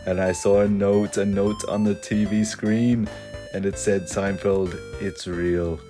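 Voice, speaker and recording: A young man narrating a comic horror story in a rambling, deadpan way, full of "uh" and "and then", over faint music. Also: on the low side, unhurried. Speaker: creepypasta parody narrator.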